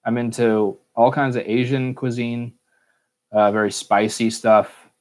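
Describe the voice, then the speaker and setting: A man's voice: mid-range voice, steady tone, a little slow. An American man hosting a casual solo Q&A podcast, rambling, cursing freely and joking at his own expense. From United States. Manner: rambling, swears a lot, self-mocking. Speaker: podcast host.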